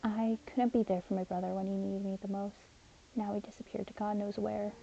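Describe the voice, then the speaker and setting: A woman voicing a gentle, self-loathing young man named Aaron in an audio story, speaking softly and sometimes in whispers. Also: medium pitch, level tone, a little fast, highs cut off, faint music behind, close to an everyday voice. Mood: despairing. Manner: soft, breathy, drops to whispers. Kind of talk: audio story role-play.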